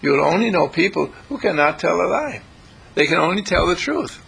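A man's voice: high-pitched, big pitch swings, brisk, vocal fry, a bit bright, breathy edge, low-quality recording. A man giving an inspirational spiritual talk in a folksy, repetitive way, chuckling as he preaches. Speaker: spiritual speaker.

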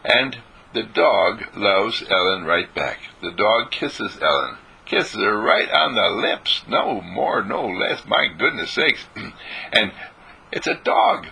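A man giving an informal spiritual talk, telling stories and repeating phrases for emphasis, clearing his throat now and then. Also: lowish voice, very animated, slow pace, pushed and bright.

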